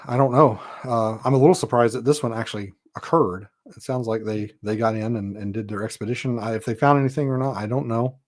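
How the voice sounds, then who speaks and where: A man's voice: mid-range voice, darkish tone. A man hosting a podcast, talking in a casual, rambling monologue full of "you know" and "uh", frank and a little exasperated. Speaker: podcast host.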